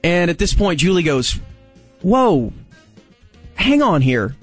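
Animated storytelling man, raised voice. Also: normal speed, faint music behind. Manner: animated, acts out quotes with big pitch jumps. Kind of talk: casual storytelling chat.

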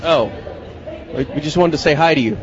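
A man's voice: fairly high pitch, highs cut off, crowd noise. Joking man interviewing strangers. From Dallas. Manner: joking, teasing, quick banter. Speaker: radio host roaming a media center. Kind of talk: casual street interviews.

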